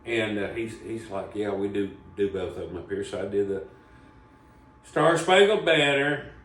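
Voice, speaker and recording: A man's voice: on the low side, steady tone, brisk, a little mellow. Folksy man telling a story. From Southern Appalachia, US. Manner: folksy, rambling, chuckles through the story. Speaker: comedy show host. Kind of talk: casual storytelling. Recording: echoey room, voice from a distance, faint background noise.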